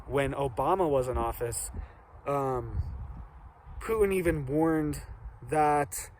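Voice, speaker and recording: A man hosting a casual news commentary vlog, talking in an animated, rhetorical way and checking in with "right?". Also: medium pitch, slow, slight background noise. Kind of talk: casual news rant to viewers.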